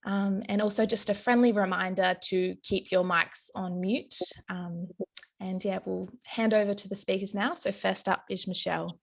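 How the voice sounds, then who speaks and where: A woman hosting an online event, introducing speakers in a relaxed way with many fillers. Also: mid-range voice, moderate pace, vocal fry. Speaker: event host. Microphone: video call.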